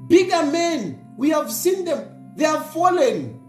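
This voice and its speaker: A man's voice: very high voice, very animated, slow, a little mellow, echoey room, faint music behind. A Zambian man giving political commentary, mocking and hammering away with repeated rhetorical questions. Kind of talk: opinionated online commentary.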